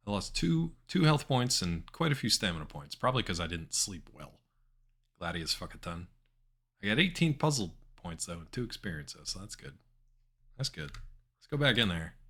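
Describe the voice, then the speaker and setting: Male streamer, low voice that swings widely, dry jokey play-by-play. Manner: wry, chatty, animated asides. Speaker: streamer playing an adventure game. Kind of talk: live gameplay commentary, reading game text aloud.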